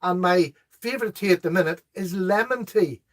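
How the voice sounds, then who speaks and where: Middle-aged man, high-pitched, casual live-stream host, reads comments out and chuckles at the jokes. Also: normal speed. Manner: chatty, laughs at jokes, reads viewer comments aloud. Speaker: host of a live knife chat.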